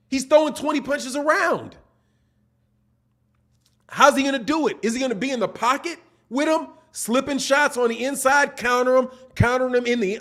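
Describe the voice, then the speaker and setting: A boxing channel host with a high male voice runs a live stream, commenting and reading out viewer chats. He's animated and argumentative, firing off rhetorical question after rhetorical question.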